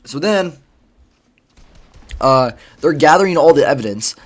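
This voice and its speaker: A man's voice: fairly high pitch, expressive, unhurried. A man casually retelling a story, rambling with lots of fillers and swearing. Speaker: vlogger.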